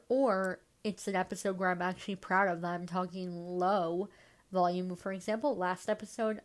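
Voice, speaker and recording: A woman hosting a solo podcast, a bit stuffed up and nasal, rambling casually with lots of "like"s and self-deprecating asides. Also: mid-range voice. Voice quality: nasal from congestion. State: stuffed up, congested. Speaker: podcast host.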